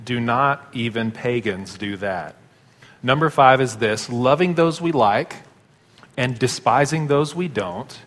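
A pastor preaching a sermon, telling stories in a conversational way. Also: male voice, mid-range voice. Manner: conversational storytelling. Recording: long hall reverb.

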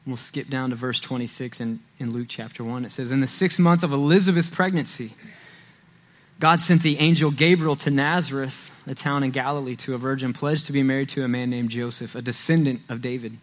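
A man preaching a sermon in a conversational, animated way, walking as he speaks. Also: medium pitch, brisk, few pauses.

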